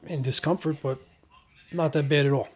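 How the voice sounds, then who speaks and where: A man vlogging about his own surgery in a relaxed, joking way, with many ums and restarts. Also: a little high, normal speed, breathy edge. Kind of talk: casual first-person storytelling.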